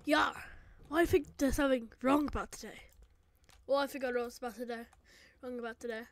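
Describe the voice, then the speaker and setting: A woman doing casual voice acting for a game machinima. She is excitable, jumps between shouting and mumbling, and talks haltingly with many restarts. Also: high voice.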